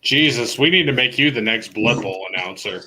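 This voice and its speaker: A man's voice: mid-range voice, moderate pace, slight background noise. A man co-hosting a podcast, telling stories in a loose, laughing way. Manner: laughing, animated storytelling. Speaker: podcast co-host. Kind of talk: casual chat.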